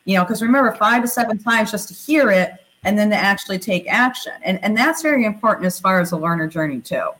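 A woman guest answers in a loose, chatty flow, peppering her talk with "like" and "you know". Her voice sits at an ordinary middle pitch. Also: fast, hardly any pauses, low-quality recording. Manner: animated, leans on "you know" and "like". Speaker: interview guest. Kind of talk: conversational interview.

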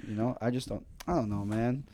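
A man's voice: mid-range voice, a little fast, warm tone. A man co-hosting a podcast, stammering and restarting as he improvises a fake ad. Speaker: podcast co-host. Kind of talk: casual chat, improvising a fake ad. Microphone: drifts away from the mic. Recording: faint background noise.

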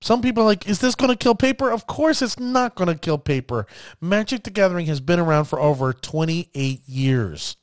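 A man giving casual commentary on card games, addressing his viewers as ladies and gentlemen and acting out players' reactions. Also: a little high, expressive, normal speed, no echo, studio quality. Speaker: card game content creator.

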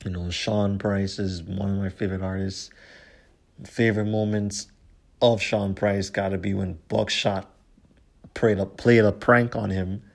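A man's voice: fairly low pitch, little pitch movement, unhurried, creaky. A man hosting his own podcast, talking casually in a profane, slangy way and often repeating "you know what I'm saying". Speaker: podcast host. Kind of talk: casual solo podcast talk.

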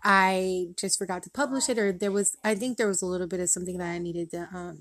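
A woman's voice: fairly low pitch, fairly even intonation, fast, a bit bright. A woman in her thirties hosting a podcast, chatting casually and rambling with many fillers, a little out of breath, recorded outdoors at a park. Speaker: podcast host. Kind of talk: casual chat.

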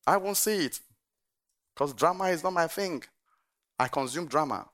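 A middle-aged man, a pastor, preaching a sermon with animated storytelling and frequent laughter. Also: on the high side, moderate pace.

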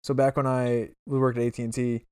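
A man's voice: medium pitch, little pitch movement, fairly quick, a little mellow, smooth, dry recording. Male co-host, casual, rambling anecdotes, lots of fillers; dry, close sound. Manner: rambling storyteller with many fillers and restarts. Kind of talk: casual chat.

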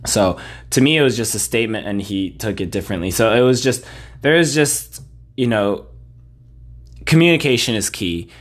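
A man's voice: on the low side, animated, moderate pace. A man hosting a solo podcast, talking in a rambling, blunt, conversational way. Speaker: podcast host.

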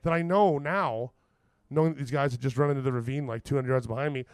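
A man's voice: quick pace, no room sound. A young man, telling a story on a podcast, swearing casually and acting out every character. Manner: lively, acts out every character with big pitch swings; swears casually, says "like" often. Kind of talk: animated storytelling.

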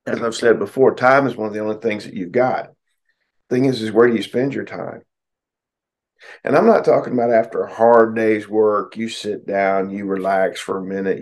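Middle-aged American man, low gravelly voice, folksy therapist host who ribs his listeners. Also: fairly even intonation, moderate pace. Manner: folksy, joking, talks straight to listeners. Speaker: psychotherapist podcast host. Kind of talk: casual advice monologue.

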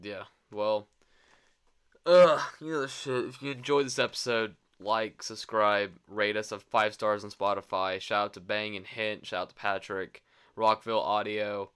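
A young man co-hosting a casual podcast, swearing freely and cracking jokes between laughs. His voice is bright and smooth. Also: fairly low pitch, steady tone, a little slow. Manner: loose, crude, joking, laughs often. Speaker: podcast co-host.

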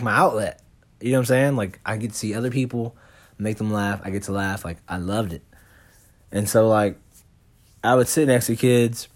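A young man casually telling a long story about his school days, with lots of swearing and slang, rambling and animated. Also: mid-range voice.

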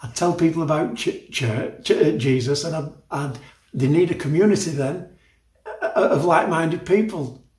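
A man's voice: a little high, normal speed, a little mellow, roomy sound. A man in his sixties preaching a sermon as a pastor, emphatic and chatty, often repeating words and restarting his sentences. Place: church.

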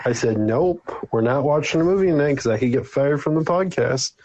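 A man's voice: on the high side, brisk, a little mellow. Man on a dull lo-fi line. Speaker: podcast co-host. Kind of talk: casual live podcast chat. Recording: dull lo-fi line with faint hiss.

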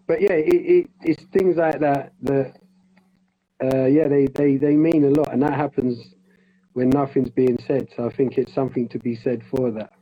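A man's voice: medium pitch, steady tone, normal speed, breathy edge, lo-fi sound. A man and life coach in training, talking in a casual conversation, rambling with frequent restarts.

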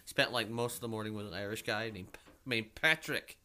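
A man's voice: lowish voice, fairly quick, pushed and bright. A man co-hosting a casual podcast, joking and arguing playfully with his co-host. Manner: playful, argumentative banter. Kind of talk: casual comedic chat.

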